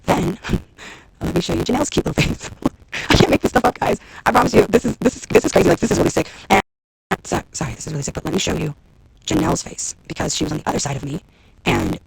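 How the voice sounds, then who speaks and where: A woman in her thirties, a reality TV personality, venting on a livestream in a fast, profane, exasperated rant to her viewers. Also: sits low, huge pitch swings, gravelly, breathy edge, no echo, rough recording. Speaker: reality TV personality and executive producer. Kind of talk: Instagram live rant to viewers.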